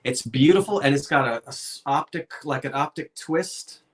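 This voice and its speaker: A man's voice: on the high side, normal speed, husky. A man with a Delaware Valley South Jersey accent, hosting a live online antiques sale in a chatty, joking, rambling salesman patter. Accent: Delaware Valley (South Jersey/Philadelphia). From South Jersey, USA.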